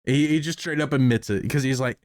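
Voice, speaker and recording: A man's voice: medium pitch, a little fast. A man giving casual reaction commentary on police footage, amused and profane, laughing often.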